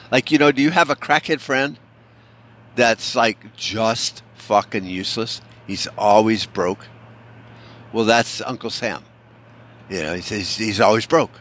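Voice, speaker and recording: A man's voice: lowish voice, lively intonation, measured pace, a bit bright. A man from the United States in a casual, profane rant, rambling and sarcastic, with frequent swearing and restarts.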